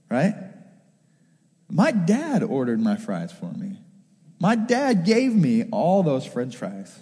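High-voiced pastor in an echoey hall. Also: male voice. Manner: storytelling with lively acted-out quotes. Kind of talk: sermon. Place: church.

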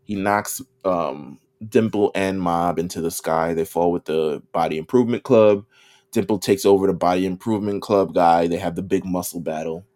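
A man with a lowish voice talks through an anime episode on a casual podcast. He tells it with lively energy, slipping into the characters' lines and breaking into laughter often. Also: normal speed. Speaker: podcast co-host. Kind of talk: casual anime recap chat.

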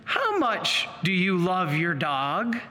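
Brief: priest doing an old bishop, bright, patient, probing, echoey church hall. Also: male voice, sits high, wildly swooping pitch, takes it slowly, exaggerated voice. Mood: earnest. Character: elderly male bishop, gently questioning a boy.

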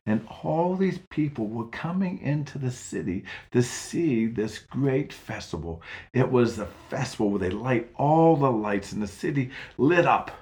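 A man's voice: lowish voice, a little mellow. A man narrating a children's Bible story expressively, with dramatic swings in delivery.

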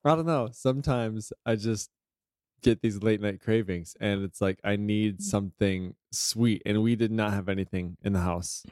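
A man's voice: lowish voice, normal speed, no room sound, studio quality. A man in his thirties co-hosting a podcast, telling a story in casual chat and acting out the exchanges. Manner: animated storyteller, acts out exchanges. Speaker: podcast co-host.

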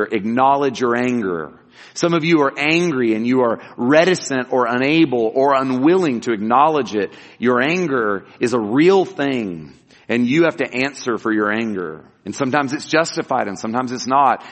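In a large hall, a pastor with a medium-pitched voice preaches earnestly and emphatically, posing rhetorical questions and then answering them.

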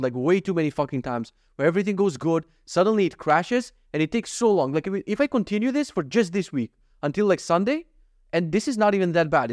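A man's voice: fairly high pitch, dry recording. A young man hosting a podcast, talking candidly and self-critically in a rambling, profane confessional monologue into a close mic. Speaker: podcast host.

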